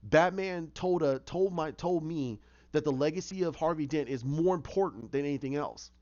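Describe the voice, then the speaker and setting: A man's voice: on the high side, moderate pace, a little mellow, highs cut off, close to an everyday voice. A man voicing a weary, middle-aged male police chief speaking earnestly and plainly.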